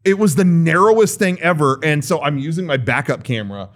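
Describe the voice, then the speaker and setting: A man's voice: on the high side, a little fast. A man co-hosting a comedy podcast, telling a story and acting out other people's lines in exaggerated voices. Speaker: podcast co-host.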